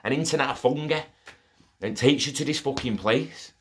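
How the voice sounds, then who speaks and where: Brisk and medium-pitched, a young man rambles through a personal anecdote, cursing frequently. His casual storytelling runs excitable and profane.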